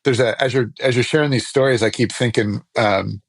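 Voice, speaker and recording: A man's voice: mid-range voice, fairly quick, no room sound, rough recording. A man hosting a podcast, responding to a guest in a thoughtful, affirming way with fillers and restarts. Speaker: podcast host. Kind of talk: podcast interview.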